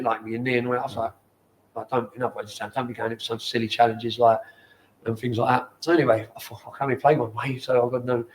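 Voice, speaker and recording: A London man in his forties spins rough, sweary anecdotes about his playing days. He talks in an animated way and acts out the people in his stories. His voice sits at an ordinary middle pitch for a man. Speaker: guest, former footballer. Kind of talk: casual storytelling. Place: bar at a football ground.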